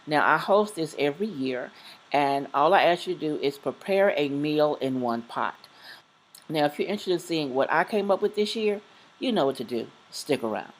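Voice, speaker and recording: A woman's voice: sits low, lively intonation, moderate pace, poor audio. A woman hosting her home cooking vlog, chatting through her ingredients in a plain show-and-tell way. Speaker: cooking channel host. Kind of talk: casual cooking vlog narration.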